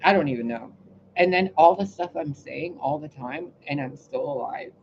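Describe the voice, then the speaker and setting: A woman's voice: low-pitched, expressive, moderate pace, slight background noise. Profane, exasperated woman rambling on a lo-fi recording. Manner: profane, exasperated, swings between loud outbursts and quiet asides. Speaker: spiritual reader and channel host. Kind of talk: casual rambling monologue.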